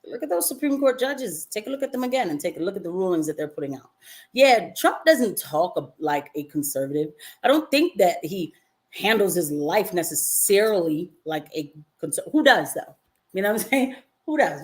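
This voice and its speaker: Animated woman reading chat on a livestream. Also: fairly low pitch. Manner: animated, swings into mocking quoted voices, laughs often. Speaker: nurse and political vlogger.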